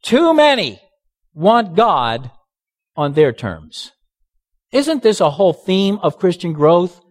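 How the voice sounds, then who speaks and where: High-voiced emphatic preacher in a hall. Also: male voice, sing-song, takes it slowly. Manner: emphatic, with sarcastic asides. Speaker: pastor. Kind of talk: sermon.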